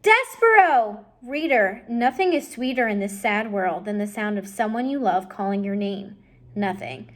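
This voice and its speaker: A woman's voice: mid-range voice, moderate pace. A woman reading a children's novel aloud expressively, addressing the listener directly. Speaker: storybook reader.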